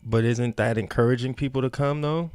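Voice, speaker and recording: A man's voice: medium pitch, fairly even intonation, brisk, a little mellow, clear, resonant tone, dry recording, studio quality. A man co-hosting a casual podcast, chiming in with short reactions and wry quips. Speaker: podcast co-host. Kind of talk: casual chat.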